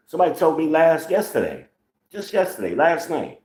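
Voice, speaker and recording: A man's voice: on the high side, sing-song, brisk, a little mellow, roomy sound, low-quality recording. A man in his forties from the northern United States, hosting his own channel with blunt, profane, sarcastic social commentary. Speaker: channel host.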